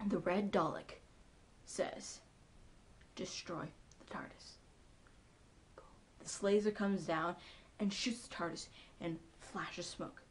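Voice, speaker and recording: A woman giving a casual, excitable recap of a TV episode, chatty and full of ums and likes. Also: lowish voice, slow, slight background noise. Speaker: TV episode reviewer.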